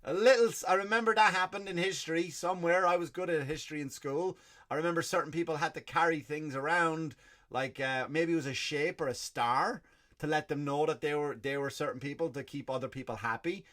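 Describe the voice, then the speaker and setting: A man's voice: fairly high pitch, fairly quick, fairly bright tone. An Irish man hosting a comedy podcast, ranting in a loose stand-up style, swearing freely and answering his own questions. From Ireland. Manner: profane, ranting, self-answering asides.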